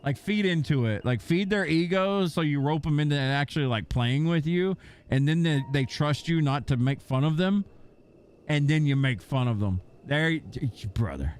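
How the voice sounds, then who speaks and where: A young man streaming and chatting with viewers, telling stories in a profane, animated way and slipping into mocking impressions. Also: on the high side, moderate pace, clear, resonant tone. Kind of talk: casual chat with stream viewers.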